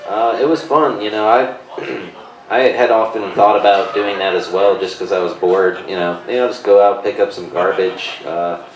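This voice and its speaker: A man chatting as a guest on a live podcast, halting speech full of fillers. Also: lowish voice, steady tone, distant mic, a little hiss or hum. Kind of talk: casual live podcast chat. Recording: echoey room, off mic.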